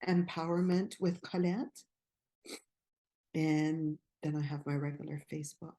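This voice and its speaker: A woman from Canada speaks as an interview guest in a lowish, mellow voice. She is earnest and fervent, with occasional halting restarts. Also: steady tone. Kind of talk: personal testimony in interview.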